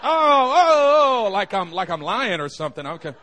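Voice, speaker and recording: A man's voice: a little high, quick pace, a bit bright. A young man preaching a humorous sermon in a church, telling stories and joking with the congregation. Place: church sanctuary.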